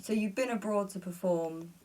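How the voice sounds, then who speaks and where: A woman's voice: medium pitch, moderate pace, darkish tone, poor audio. A woman hosting an interview, encouraging her guest with frequent short affirmations. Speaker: podcast host.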